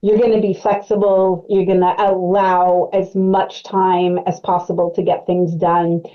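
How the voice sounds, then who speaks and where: A woman presents an educational webcast as a clinical specialist, explaining things conversationally with frequent fillers. Her lowish voice is level and measured, and the recording has its highs cut off.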